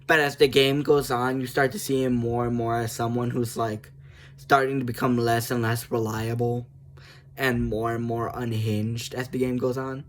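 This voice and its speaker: A man's voice: medium pitch, level tone, normal speed, a little hiss or hum. Rambling man who laughs a lot. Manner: rambling, laughing often, self-mocking. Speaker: video creator. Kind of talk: casual chat about a video game.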